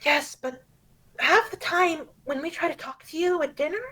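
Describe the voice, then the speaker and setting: A woman doing a soft, careful mother. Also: high-pitched, moderate pace, pitched above the performer's own voice, low-quality recording. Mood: gentle. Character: gentle, patient middle-aged mother. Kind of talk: tabletop role-play voicing.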